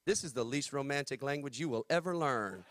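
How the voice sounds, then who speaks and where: A man's voice: medium pitch, fairly quick, fairly bright tone, no echo. A man from Texas with a Southern accent, preaching as a guest with a playful, joking manner. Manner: playful, joking, drawls "y'all". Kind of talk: sermon.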